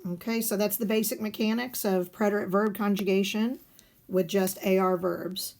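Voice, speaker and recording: A woman's voice: mid-range voice, steady tone, normal speed, vocal fry, a little mellow. A woman teaching a recorded lesson, explaining step by step and asking and answering her own questions. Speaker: Spanish teacher. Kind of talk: recorded video lesson walking through guided notes.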